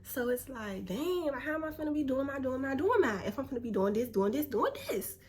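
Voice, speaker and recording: A young woman in a relaxed, slangy motivational chat, calling her viewers "baby". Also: high-pitched, fairly quick. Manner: laid-back, slangy, spiritual encouragement, calls viewers "baby". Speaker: vlogger.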